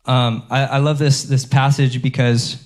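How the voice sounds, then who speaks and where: A man pastor giving a sermon in a relaxed, conversational way, with many fillers and restarts. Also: medium pitch, a little slow. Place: church.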